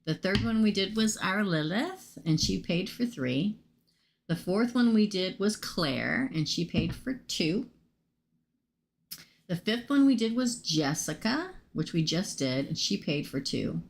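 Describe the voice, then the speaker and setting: A woman losing her voice, hosting a casual live tarot reading and chatting excitably with viewers she calls by name. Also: mid-range voice, a little slow, gravelly, a little hiss or hum.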